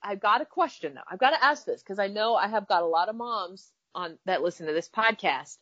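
A woman's voice: medium pitch, animated, a little fast, a bit bright, no echo. Female podcast host, upbeat chatty delivery, dry dull lo-fi recording. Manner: upbeat, laughs easily. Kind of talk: casual interview chat.

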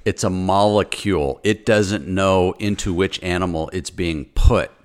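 A deep-voiced man ranting with heated insistence on a talk show. He is a physician, and his speech is forceful and repetitive, with stumbles and restarts as he drives each point home. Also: a little slow, clean tone. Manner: angry, insistent, repeats words. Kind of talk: impassioned talk-show rant.

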